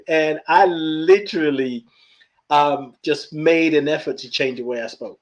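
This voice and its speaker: A Nigerian man with a fairly high voice and measured pace hosts a podcast, his accent mixing Nigerian, British and Southern US. He tells stories in casual conversation, animated and acting out the voices he quotes.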